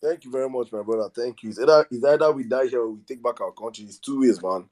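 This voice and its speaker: A man's voice: mid-range voice, fast talker, darkish tone. A Nigerian man hosting a live audio talk space, giving a fiery, mocking political speech with bits of pidgin.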